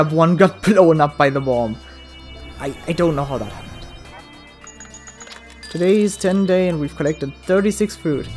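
Foul-mouthed let's play gamer. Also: medium pitch. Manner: swears a lot, yells at the game, then mutters.

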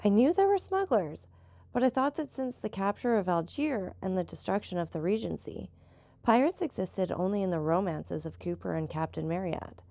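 Woman narrator doing a restless young gentleman traveler, questioning, slightly higher, gravelly. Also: expressive, normal speed, no echo. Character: young gentleman traveler, quick-tempered and curious.

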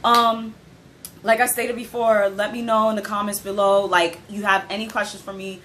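Young woman, bright voice, giggly excitable reaction chat, faint background hiss. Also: medium pitch, moderate pace, low-quality recording. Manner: excitable, giggly, swears casually. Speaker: anime reaction youtuber. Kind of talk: casual reaction commentary.

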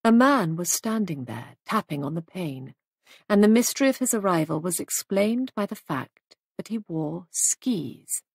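Woman reading a mystery story, husky gravelly voice, lots of rise and fall. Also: on the low side, lively intonation, darkish tone, no room sound, clean studio sound. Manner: measured storytelling. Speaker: audiobook narrator. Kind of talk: audiobook narration of a mystery.

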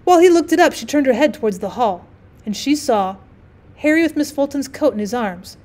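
A woman narrates a classic short story in a measured, expressive reading voice, pitched a little high. She is a teacher reading to her class. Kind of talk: literary audiobook narration.

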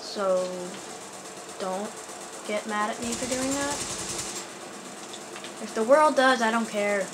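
A higher-pitched woman talks through a shooter game from home, chatty and excitable, needling the enemies she fights. Game sound stays clearly audible under her voice. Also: takes it slowly, long pauses, background noise. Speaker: gaming YouTuber. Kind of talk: let's play commentary.

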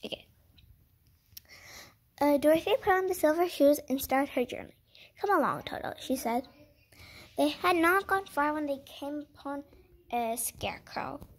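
Woman, high voice, casual picture-book read-aloud, stumbling, self-correcting, chatty asides. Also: a little slow, pauses often.

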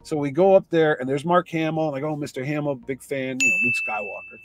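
A man telling a lively anecdote in casual conversation, acting out the voices of the people in his story. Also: a little high, fast talker, very noisy. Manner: animated anecdote teller, acts out voices in quotes. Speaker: comic convention organizer.

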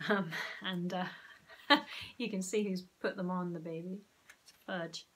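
A young woman, a primary school teacher, reading a children's novel aloud expressively and pausing to explain things. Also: lowish voice, steady tone, a little hiss or hum.

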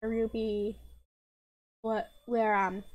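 A woman's voice: fairly high pitch, little pitch movement, takes it slowly, no echo, highs cut off. A woman giving chatty, giggly gameplay commentary and reading quest text aloud. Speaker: gamer playing an online dragon game. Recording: game music playing loudly under the voice. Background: loud game music.

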